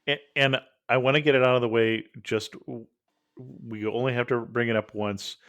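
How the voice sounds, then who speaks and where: A man's voice: medium pitch, fairly even intonation, moderate pace, fairly bright tone. A man hosting a travel podcast interview, friendly and curious, asking questions and laughing easily. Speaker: podcast host.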